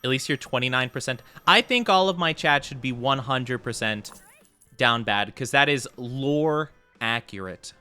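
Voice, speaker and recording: A man's voice: mid-range voice, measured pace, bright, forceful tone, smooth, faint music behind. A man streaming a video game live, chatting with his viewers and playfully, flusteredly denying their teasing. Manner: playful, flustered denials when chat teases. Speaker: VTuber streamer. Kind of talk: live gameplay stream commentary, reading chat.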